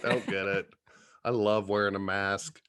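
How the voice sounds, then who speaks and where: A man's voice: fairly low pitch, flat delivery, unhurried, fairly bright tone, slight background noise. A man appearing as a podcast guest, rambling through crude jokes and often laughing as he talks. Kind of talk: casual comedy podcast chat.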